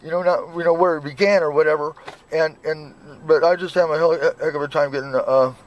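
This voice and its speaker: Guy stumbling over his words, keeps repeating himself, voice a bit high, faint hiss behind. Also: fairly even intonation, highs cut off. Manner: halting, repeats words and restarts often. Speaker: channel host. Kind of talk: casual chat and phone calls.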